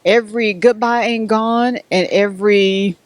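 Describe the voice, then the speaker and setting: A woman's voice: medium pitch, steady tone, a little slow, no echo. A middle-aged woman, answering interview questions as an author in a storytelling way. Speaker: author and guest.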